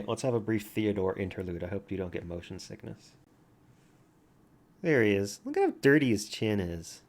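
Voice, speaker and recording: A man with a soothing, slightly low voice chats easygoingly at home, sitting a bit back from his computer mic. He plays a word game and talks softly to the cat in his lap now and then. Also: very animated, normal speed. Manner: soft, easygoing, chatting to his cat in a babying voice at times. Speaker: vlogger. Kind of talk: casual chat while playing a word game. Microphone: computer mic from farther back than usual.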